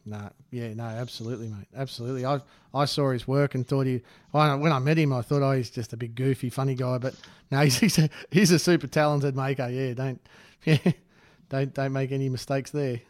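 A man's voice: medium pitch, steady tone, brisk, a little mellow, no room sound. Easygoing man, dry sound. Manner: easygoing, says mate, laughs often. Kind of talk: casual chat.

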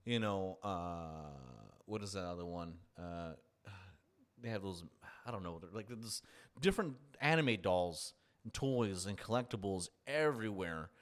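A man's voice: low voice, lively intonation, a little slow. A man telling a story in casual chat, rambling and restarting, laughing often.

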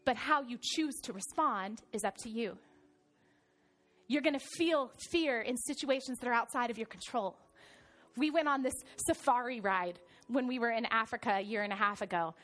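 Woman pastor, high voice, sermon with lively storytelling, church setting. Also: normal speed. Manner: animated storytelling, swings from soft to loud.

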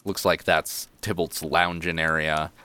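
A man narrating a tabletop game as game master, relaxed and descriptive. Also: extremely low pitch, a little slow, clear, resonant tone.

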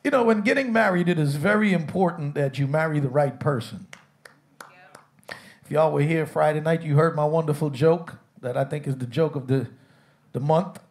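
A man's voice: a little high, moderate pace, darkish tone. A man preaching a humorous sermon as pastor, telling jokes and calling on his congregation to answer back. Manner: call-and-response with congregation, jokey. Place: church sanctuary with congregation.

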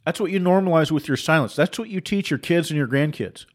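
A middle-aged man delivering an impassioned monologue, forceful and preachy, with laughing asides and mocking voices. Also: fairly high pitch, fast.

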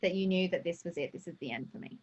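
A woman's voice: fairly low pitch, quick pace, a little mellow. A woman hosting a podcast, asking questions supportively with hesitant fillers. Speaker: podcast host. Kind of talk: casual interview.

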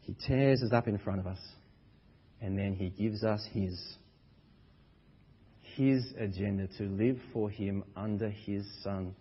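A man preaching a sermon as pastor, swinging between loud, emphatic exhortation and quiet, low passages. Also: a little slow, long pauses, husky. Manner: builds to loud, high-pitched emphatic preaching, then drops quiet. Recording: dull sound with long reverb in a large hall.

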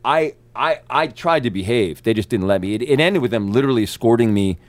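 A male actor telling wild stories as a guest, his voice swooping up and down as he acts out the other people in them. His talk is fast-moving and profane, full of bursts of energy. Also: no room sound. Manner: energetic, profane, acts out quotes with big pitch jumps. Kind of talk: animated storytelling.

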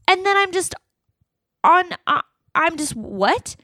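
A woman's voice: on the high side, sing-song, moderate pace, fairly bright tone, no echo, clean studio sound. A woman hosting her podcast, ranting in an emotional, exasperated way and swearing as she retells a fight. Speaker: podcast host. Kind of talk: solo podcast rant.

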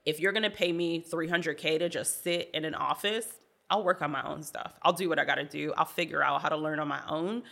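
A woman's voice: low-pitched, brisk, gravelly. A woman co-hosting a podcast, talking bluntly in casual chat and acting out the people in her stories. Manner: blunt, animated storyteller who acts out dialogue. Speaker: podcast co-host.

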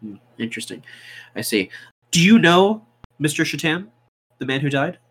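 A man's voice: on the high side, big pitch swings, normal speed, a bit bright. A man playing a tabletop game, questioning characters politely and probing, laughing easily. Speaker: player.

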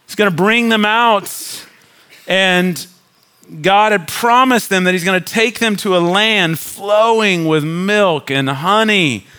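A middle-aged man, a pastor preaching a sermon, animated, acting out complaining crowds in a raised voice. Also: high voice, takes it slowly, smooth.

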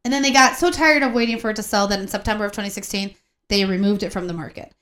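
A woman's voice: mid-range voice, very fast, fairly bright tone. A woman co-hosting a casual true-crime podcast, rambling and chatty, her words a little slurred from coughing. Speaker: podcast co-host.

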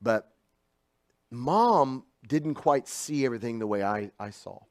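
Male preacher, middle-aged, chatty storytelling sermon with big swings in loudness, dry recording. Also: mid-range voice, expressive, measured pace, no room sound. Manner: swings from hushed asides to loud emphatic bursts.

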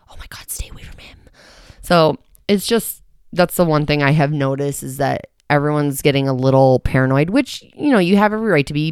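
A woman hosting a casual solo podcast from a quiet home, chatting in a rambling, self-mocking way and sounding slightly short of breath. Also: low-pitched, clean tone, no echo, clean studio sound. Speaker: podcast host. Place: quiet home in the early morning.

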